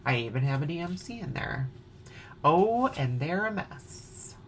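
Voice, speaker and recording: A Wisconsin woman with an Upper Midwest accent chats playfully at home at night, showing off her cross-stitch projects and singing bits of songs. Her voice sits low and a bit bright, with lively intonation and an unhurried pace. There's slight background noise.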